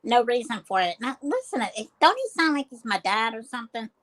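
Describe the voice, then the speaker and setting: A woman's voice: fairly high pitch, very animated, a little fast, fairly bright tone. A woman co-hosting a podcast in casual chat, playful and a little defensive. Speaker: podcast co-host.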